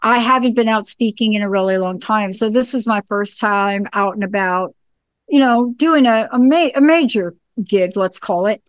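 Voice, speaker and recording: A woman hosting a casual chat, lively and exclaiming, correcting herself with a laugh. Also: medium pitch, normal speed, no room sound.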